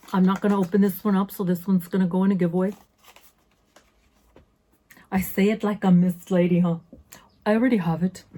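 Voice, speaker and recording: A woman's voice: medium pitch, warm tone. Sassy, chatty woman in her fifties. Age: 50s. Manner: chatty, sassy, self-interrupting asides. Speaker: beauty vlogger. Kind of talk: casual unboxing chat.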